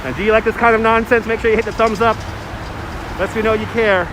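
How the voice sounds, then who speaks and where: Man, tour guide livestreaming outdoors, higher voice, greets chat by name, loud city traffic. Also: fairly even intonation, quick pace. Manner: chatty, greets viewers by name. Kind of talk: live walking-tour stream with chat. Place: outdoors on a city bridge and promenade. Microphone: phone on a gimbal. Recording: loud urban traffic noise.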